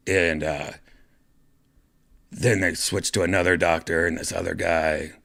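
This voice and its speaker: Deep-voiced man rambling through a story. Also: little pitch movement, measured pace, creaky, a bit bright. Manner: rambling, profane, many fillers and restarts. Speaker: podcast host. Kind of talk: casual storytelling monologue.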